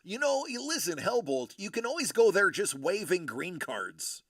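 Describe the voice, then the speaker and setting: A man's voice: high-pitched, big pitch swings, normal speed, hardly any pauses, fairly bright tone, no echo, clean studio sound. A man hosting a card-breaking livestream, rambling and joking with his audience in casual banter. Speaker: livestream host breaking trading cards. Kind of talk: casual chat with a live audience.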